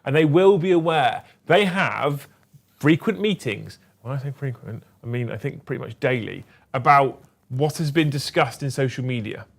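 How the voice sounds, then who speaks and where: A man's voice: medium pitch, moderate pace, gravelly. Blunt, sweary man. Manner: blunt, animated, swears freely. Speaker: co-host of a livestream show. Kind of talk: casual livestream chat.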